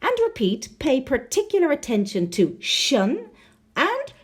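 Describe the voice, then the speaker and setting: Woman, English teacher, video lesson, warm mellow voice, animated pitch, spells letters out, asks questions. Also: unhurried. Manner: explanatory, spells out word endings letter by letter; checks in with rhetorical questions.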